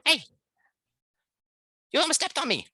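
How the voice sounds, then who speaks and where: Manic little mouse spirit. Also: male voice, measured pace, heavily acted. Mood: indignant. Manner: squeaky, frantic, energetic. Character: tiny manic male white mouse spirit.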